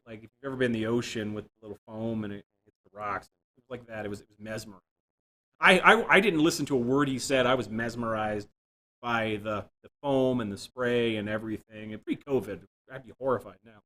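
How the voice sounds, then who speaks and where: A man giving a software development talk, telling self-deprecating stories with jokes. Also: medium pitch. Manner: self-deprecating, jokey storytelling. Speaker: conference speaker. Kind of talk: tech talk with anecdotes. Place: room without a live audience.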